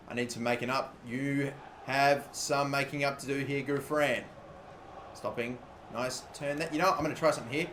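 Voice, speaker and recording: An excitable young man commentates a football video game as he plays, with a fairly high, bright and forceful voice. He swears freely and bursts into loud, frustrated outbursts. The room gives his voice a noticeable echo. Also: fast talker. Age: 20s. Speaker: gaming commentator. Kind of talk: live gameplay commentary. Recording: roomy echo.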